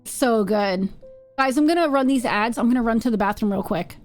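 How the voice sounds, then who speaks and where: A woman's voice: on the high side, fairly quick, faint music behind. A woman streaming a game live, chatting playfully with viewers and reading game text aloud.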